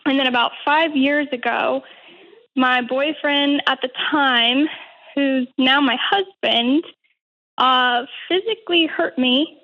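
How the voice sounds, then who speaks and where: Young woman calling in, high voice, slow and unsure, sounds a bit muffled. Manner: hesitant, nervous laughs, many fillers. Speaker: caller. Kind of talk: phone-in call.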